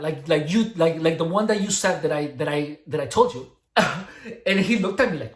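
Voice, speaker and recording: Rambling, foul-mouthed vlogger; lively pitch, echoey room. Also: quick pace. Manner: profane, animated, acts out quoted dialogue with many restarts. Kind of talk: rambling personal storytelling.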